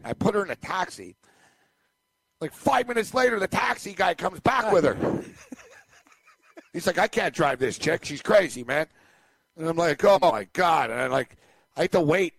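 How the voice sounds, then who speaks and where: A man's voice: fairly high pitch, dry recording. A man co-hosting a podcast, telling a long anecdote in a loose, rambling way and laughing along. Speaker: podcast co-host. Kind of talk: casual storytelling chat.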